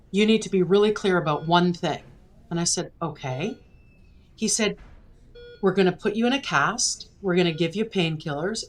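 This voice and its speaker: A woman's voice: fairly low pitch, rough recording. A middle-aged woman from Canada, a podcast guest vividly and emotionally retelling a personal story.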